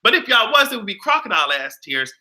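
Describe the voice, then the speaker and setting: A man giving casual pop culture commentary and reacting to a live chat, profane and loud, often bursting into laughter and shrieks. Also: high voice, very animated, quick pace.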